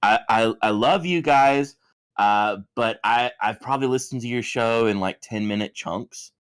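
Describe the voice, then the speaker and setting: A man's voice: mid-range voice, a little slow, clean tone. A man guesting on a podcast in casual chat, joking around and slipping into goofy impressions.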